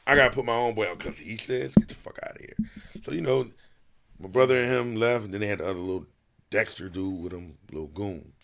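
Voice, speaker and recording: A retired boxer appearing as a podcast guest tells a story in casual, profane talk, his lowish voice quick and edged with vocal fry. He is an animated storyteller, laughing and acting out each person's lines.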